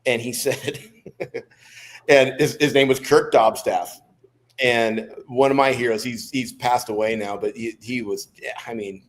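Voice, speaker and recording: A middle-aged American man, a former Navy SEAL guest on a podcast, telling his stories in a relaxed, rambling way. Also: mid-range voice, a little slow. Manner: relaxed, rambling storyteller with restarts. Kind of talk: storytelling in a podcast interview.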